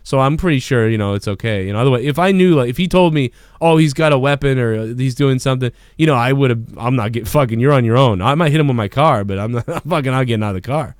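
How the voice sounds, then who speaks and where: A man hosting a podcast, telling a rambling, profane story in an excitable, casual way. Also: medium pitch, fast, hardly any pauses, dry recording, clean studio sound. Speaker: podcast host.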